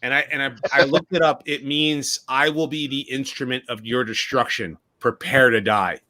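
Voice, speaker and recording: A man in his forties hosts a relaxed livestream hangout with friends. His voice is bright and forceful, and he rambles happily from one thought to the next, laughing often. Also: mid-range voice, moderate pace. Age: 40s. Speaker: livestream host. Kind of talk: casual chat.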